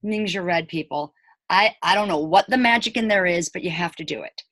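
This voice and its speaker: Her voice sits on the low side and moves fairly quickly, with no echo. A 40-something elementary school teacher, she tells personal stories casually to camera, chatty and quoting people as she recreates scenes, with animated, emphatic asides for viewers.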